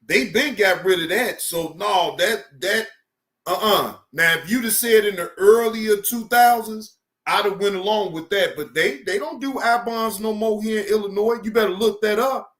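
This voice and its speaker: A man hosting a reaction video, commenting loudly and casually in slang. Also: high voice, normal speed. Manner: loud, exclaiming, slangy. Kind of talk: casual commentary over clips.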